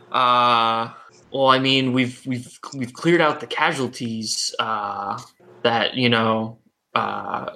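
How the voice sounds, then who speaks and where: A man running a tabletop role-playing game as game master, narrating scenes with frequent halting fillers. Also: medium pitch, vocal fry, sharp tone.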